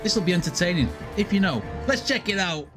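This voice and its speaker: Giggly reaction host. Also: male voice, high-pitched, lively intonation, fast, over loud music. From north-west England. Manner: laughs a lot, explains slang to viewers. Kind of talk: casual reaction commentary.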